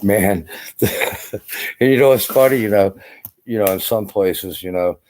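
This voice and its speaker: Tired low-voiced older man rambling. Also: unhurried, a little mellow. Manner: rambling, profane, full of "you know" fillers. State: exhausted. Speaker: army veteran vlogger. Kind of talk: casual rambling vlog monologue. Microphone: camera.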